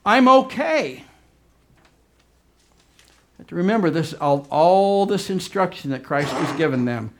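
A man preaching a fervent sermon as pastor, swinging between loud urgent emphasis and quiet low asides. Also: moderate pace, hardly any pauses, a little hiss or hum.

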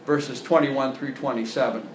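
A man's voice: mid-range voice, fairly even intonation, moderate pace, a little hiss or hum. A man preaching a sermon as a pastor, talking plainly and building to emphatic points. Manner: conversational preaching, rising to emphatic.

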